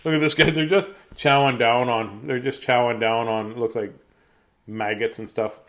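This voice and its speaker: A man's voice: mid-range voice, fairly even intonation, normal speed, fairly bright tone. A man hosting a casual read-aloud of picture books for children, playful and jokey, with silly asides.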